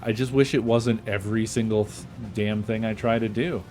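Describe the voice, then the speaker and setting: A man's voice: fairly low pitch, fairly even intonation, normal speed, darkish tone, soft background music. Frustrated, swearing man on a stream. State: feeling unwell. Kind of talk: casual gaming stream chat.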